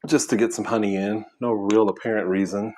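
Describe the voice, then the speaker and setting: Low-voiced man chatting while eating. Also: steady tone, darkish tone. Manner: rambling, chewing and pausing mid-sentence. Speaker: mukbang vlogger. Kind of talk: casual chat while eating.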